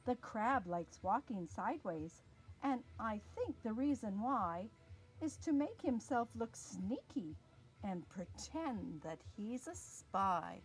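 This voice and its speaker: A woman with a Canadian accent reading a picture book aloud to young children in a slow, sing-song, expressive way. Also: medium pitch, breathy edge. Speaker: early years storyteller.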